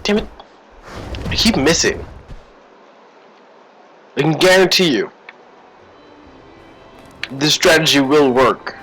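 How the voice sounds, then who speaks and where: A man's voice: on the high side, lively intonation, takes it slowly, pauses often, fairly bright tone, a little hiss or hum, low-quality recording. A man commenting casually on his own gameplay, breaking into frustrated outbursts when he fails. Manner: frustrated outbursts between self-talk. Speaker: gameplay streamer.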